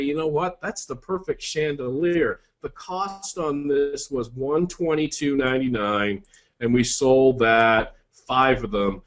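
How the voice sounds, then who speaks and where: A man presenting an online selling course, walking through sales examples in an upbeat, salesy pitch with quick asides.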